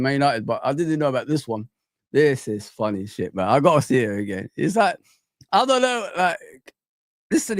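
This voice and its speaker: A man talking football on a live stream in an easygoing, slang-heavy way. His pitch sits in the middle. The sound is dry and close. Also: dry recording. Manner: chatty and laid-back, slangy, shouting out viewers. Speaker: football channel host. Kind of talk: casual live-stream commentary.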